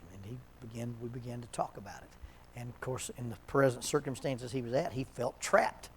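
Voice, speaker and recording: A man leading an addiction seminar at a church, talking in a relaxed, conversational way, telling stories and chuckling often. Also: mid-range voice, brisk, slight background noise. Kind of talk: casual seminar talk.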